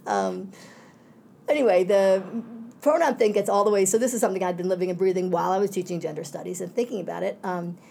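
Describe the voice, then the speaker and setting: A woman's voice: mid-range voice, quick pace, vocal fry, darkish tone, slight background noise. A middle-aged woman professor in a conversational interview, speaking reflectively in winding asides.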